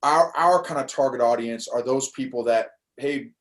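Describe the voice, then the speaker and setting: An older man talking as a podcast guest in a casual interview, animated and prone to quick restarts, laughing as he tells a story. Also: medium pitch. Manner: animated, laughs while telling stories, frequent restarts. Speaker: podcast guest, course creator.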